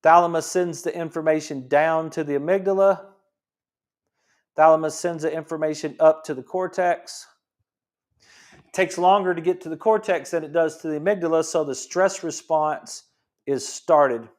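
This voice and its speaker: A man's voice: a little high, steady tone, moderate pace. A man hosting a health talk show as a chiropractor, explaining things emphatically and often restarting and repeating his phrases. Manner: repetitive, emphatic teaching with restarts.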